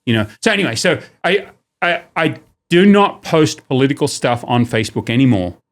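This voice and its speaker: A man's voice: mid-range voice, very animated, a little fast. A man talking casually as a returning podcast guest, joking and working through examples with shifting emphasis. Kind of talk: casual chat.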